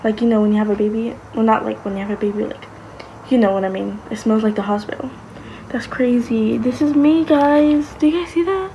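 A woman's voice: on the high side, fairly quick, lo-fi sound. Gushing young woman vlogger, faint hiss. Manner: gushing, exclaims often, sometimes drops to a whisper. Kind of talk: casual reaction vlog.

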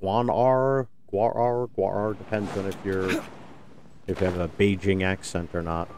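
A man's voice: sits low, level tone, moderate pace, slight background noise. A man giving rambling, self-correcting commentary over a game, often losing track of where things are. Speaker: game video host. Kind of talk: gameplay commentary.

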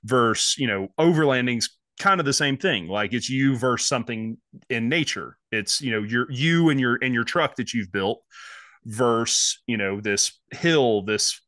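A man's voice: medium pitch, animated, normal speed, fairly bright tone, no room sound. Rambling man with a dry sound. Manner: rambling, many restarts and fillers. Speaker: podcast guest, fly-fishing business owner. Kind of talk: casual podcast chat.

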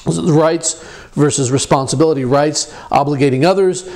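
Halting man giving an informal lecture. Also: fairly high pitch, darkish tone. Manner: halting, many fillers and restarts.

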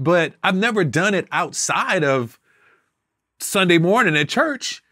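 A man's voice: high voice, very animated, normal speed, fairly bright tone, no echo, studio quality. A man as an interview guest, telling a personal story with emotion and now and then singing a snatch of a song. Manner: emotional, sings snatches of a song while recounting.

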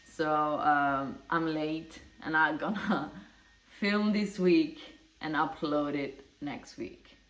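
A woman's voice: sits low, steady tone, slow pace. A woman vlogger chatting casually and rambling, swearing now and then. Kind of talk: casual vlog chat. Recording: roomy echo.

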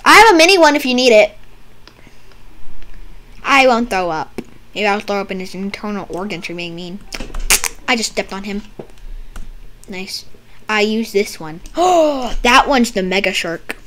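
A young woman playing a doctor in a game roleplay, silly and teasing, with sudden loud outbursts. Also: medium pitch, expressive, a little slow, pauses often, slight background noise. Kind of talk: playful game roleplay banter.

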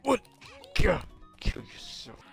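A man's voice: takes it slowly, fairly bright tone, soft background music. A man voicing an arrogant, hot-tempered alien prince warrior while playing a video game, brash and insulting, yelping in panic. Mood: brash, panicky. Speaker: game player. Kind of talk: comedic let's-play voice parody.

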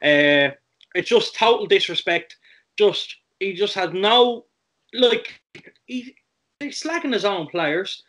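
A man's voice: sits high, lively intonation, slow pace, fairly bright tone. A man with an Irish accent co-hosting a football vlog, passionate and fuming, repeating himself. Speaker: vlog co-host. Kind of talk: casual football chat.

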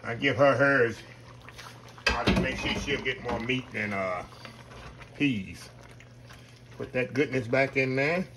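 A man's voice: medium pitch, slow, long pauses, noisy background. A man, chatting casually as he cooks at home and calls his viewers "y'all". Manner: folksy, talks to viewers as y'all. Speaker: home cook. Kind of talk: casual cooking video chat.

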